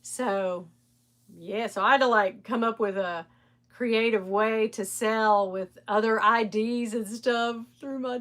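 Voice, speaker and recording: A chatty middle-aged woman hosts a live stream in a bright, forceful, slightly high voice. She speaks candidly and swears freely, laughing often as she talks straight to her viewers. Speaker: live stream host reselling designer bags. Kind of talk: casual live stream chat.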